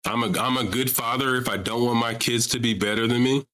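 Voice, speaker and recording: Animated man hosting a call-in stream. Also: mid-range voice, fairly quick. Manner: animated, rhetorical, repeats questions to the audience. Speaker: host of a call-in religion debate stream. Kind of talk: casual livestream talk.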